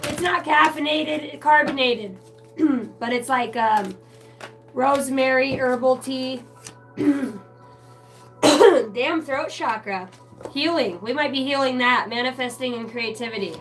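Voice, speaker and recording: A woman reading tarot cards on a live stream in a chatty, casual way, greeting viewers by name and clearing her throat now and then. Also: fairly high pitch. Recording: distant mic with music playing behind.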